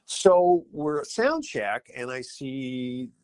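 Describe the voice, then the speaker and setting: A middle-aged man, a rock guitarist guesting on a podcast, telling animated anecdotes and acting out quotes. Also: medium pitch, slow pace, smooth. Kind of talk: casual storytelling interview.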